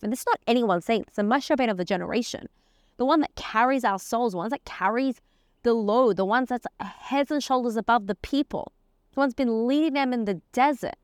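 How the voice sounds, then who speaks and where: A woman's voice: a little high, no echo, studio quality. Woman teaching a casual Torah lesson. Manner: conversational, dropping Hebrew terms and verses. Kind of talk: casual spoken lesson on the weekly portion.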